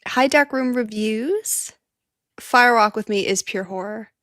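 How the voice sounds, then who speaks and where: A woman hosting a casual live-stream watch party, chatting excitably and laughing often, teary and sniffly. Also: on the high side, measured pace, no room sound, clean studio sound.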